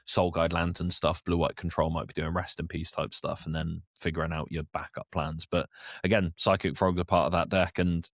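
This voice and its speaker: A man's voice: low-pitched, flat delivery, a little fast, no room sound, clean studio sound. A man co-hosting a casual podcast, talking in an opinionated, conversational way. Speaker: podcast co-host.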